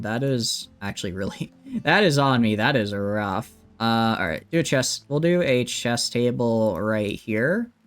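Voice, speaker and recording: Male streamer, lively chatty commentary with a swinging voice, faint game music behind. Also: mid-range voice. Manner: chatty, thinks aloud, greets chat. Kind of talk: casual gameplay commentary.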